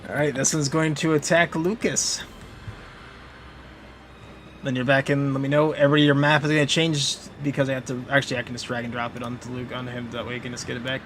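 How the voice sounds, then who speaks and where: A man's voice: medium pitch, little pitch movement, fast talker, a bit bright, a little hiss or hum. A man narrating combat as game master on an online voice call, loose and playful with fillers.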